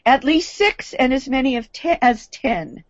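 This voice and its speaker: A woman from the United States giving a formal presentation, speaking deliberately and stressing key words. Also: high-pitched, sing-song, dry recording, muffled recording.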